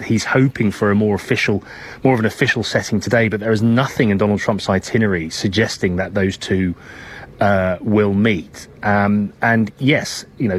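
Male field correspondent, low husky voice, measured live report with restarts. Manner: measured, with frequent hesitations and restarts.

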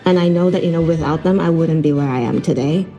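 Woman conductor from Hong Kong, low mellow voice, earnest, filler-heavy interview answers, faint music behind. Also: quick pace. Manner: earnest, lots of fillers, laughs while telling stories. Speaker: orchestra conductor. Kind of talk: broadcast interview.

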